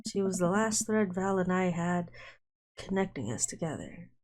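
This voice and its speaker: Woman doing a gruff regretful dad, quiet and low, hating himself, little music behind. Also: expressive, moderate pace, lightly acted. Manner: low, subdued, self-loathing confessions. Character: gruff middle-aged man, guilt-ridden, bitter. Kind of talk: reading game dialogue aloud.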